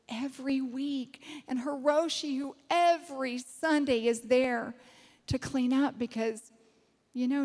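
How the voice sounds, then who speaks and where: A woman's voice: high-pitched, darkish tone. A woman, a ministry leader giving an emotional testimony to a church gathering, laughing often as she talks. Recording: long reverb of a hall.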